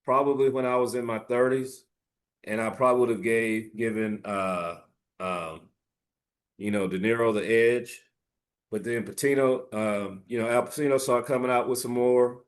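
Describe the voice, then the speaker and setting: A man in his forties, co-hosting a podcast in a rambling, laid-back chat full of slang who often hunts for words. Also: medium pitch. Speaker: podcast co-host. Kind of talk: casual chat.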